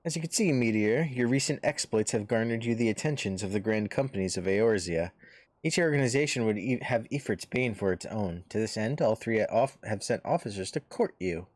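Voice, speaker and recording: A composed woman leader of a heroes' order, read aloud by a man streaming a game. The delivery is formal and measured, like a storybook read-aloud, with a lowish pitch. The sound is dry and close to the mic. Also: expressive, darkish tone, no room sound.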